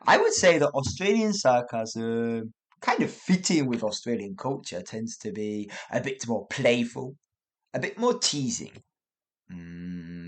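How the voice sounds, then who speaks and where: A man giving a casual spoken English lesson, chatty and often correcting himself as he explains. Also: mid-range voice. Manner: chatty, self-correcting, lively intonation. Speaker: English teacher.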